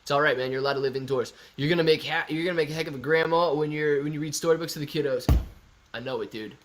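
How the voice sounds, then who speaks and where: A man's voice: on the high side, fast, noisy background. A man from Ohio hosting a stock livestream in a casual, chatty way, reading viewer comments aloud and answering them.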